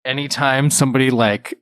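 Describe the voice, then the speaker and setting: A man co-hosting a podcast in casual chat, ranting in an animated way and laughing often. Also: medium pitch, a little slow, clean tone, no room sound. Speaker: podcast co-host.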